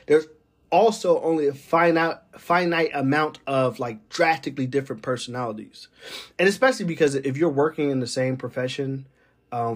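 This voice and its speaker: A man who works as a military weather forecaster, talking in a loose, rambling monologue full of fillers and uneasy laughs. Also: mid-range voice. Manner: rambling, digressive, many fillers. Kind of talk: casual monologue.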